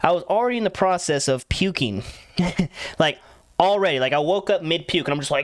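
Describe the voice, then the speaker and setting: A man's voice: a little high, animated, normal speed, no room sound. A young man telling a story in a casual, rambling way, laughing often and acting out quotes of himself and others. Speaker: vlogger.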